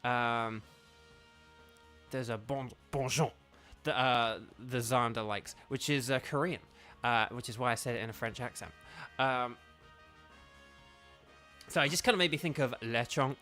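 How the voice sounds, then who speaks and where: A man's voice: medium pitch, normal speed, long pauses, bright, forceful tone, faint music behind. A man streaming a game, chatting casually with viewers in a rambling, thinking-aloud way. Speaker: streamer and voice actor. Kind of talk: casual live-stream chat while gaming.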